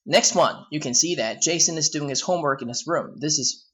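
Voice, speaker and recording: A man's voice: on the high side, fairly quick, fairly bright tone. A man with a Hong Kong accent teaching an English grammar lesson, explaining step by step and rewording himself often.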